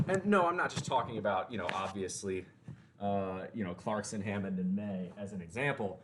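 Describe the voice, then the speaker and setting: A man's voice: fairly low pitch, animated, normal speed, noisy background. A man with a Southern American accent chatting casually on a livestream, joking, teasing and answering his chat. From Deep South of the US.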